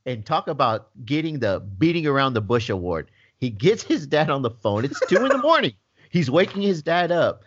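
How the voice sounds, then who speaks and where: A man's voice: fairly high pitch, normal speed, husky, muffled recording. A man who works as a paramedic, casually telling a work story on a podcast and laughing often as he acts out the people in it. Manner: animated, laughs often, acts out voices in his stories.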